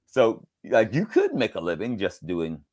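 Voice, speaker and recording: A middle-aged man from Georgia, a voice actor being interviewed, telling animated stories and acting out quotes in different voices. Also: lowish voice, a little slow. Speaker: voice actor guest. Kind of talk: casual interview storytelling.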